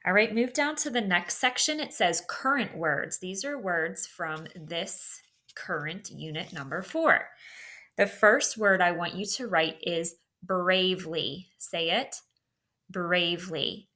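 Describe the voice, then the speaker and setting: A woman teacher giving a slow, deliberate spelling dictation lesson, saying each word, using it in a sentence, then checking the marking. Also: fairly low pitch, bright, forceful tone.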